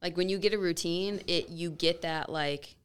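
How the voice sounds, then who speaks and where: A woman's voice: lowish voice, moderate pace, clean tone. A young woman, a fitness creator, giving earnest advice as a guest on a casual podcast.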